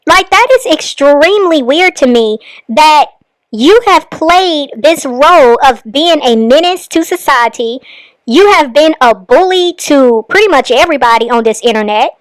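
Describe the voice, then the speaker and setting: A woman's voice: sits high, animated, dry recording, poor audio. A woman hosting a reaction channel, commenting critically and with disbelief on a clip she has just played. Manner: critical, incredulous, measured.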